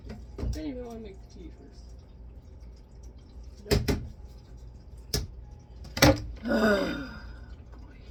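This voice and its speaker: A young woman ranting casually in a home vlog, swearing and frustrated, jumping between loud outbursts and low muttering. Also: noisy background. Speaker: vlogger.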